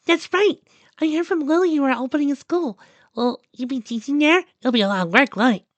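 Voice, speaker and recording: A shy, excitable teenage ballerina girl, put on by a man reading a story. The voice jumps high and sounds eager yet unsure, close and dry. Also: fairly quick, no room sound. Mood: excited.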